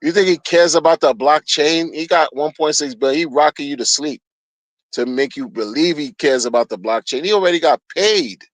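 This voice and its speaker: A man's voice: on the high side, normal speed, no room sound, low-quality recording. A man streaming a heated solo rant, agitated and profane, often repeating himself.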